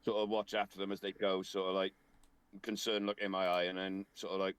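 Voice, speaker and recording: A man playing his character in a tabletop role-playing game, talking in a relaxed, halting way with many fillers. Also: low voice, clear, resonant tone, dry recording. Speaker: player.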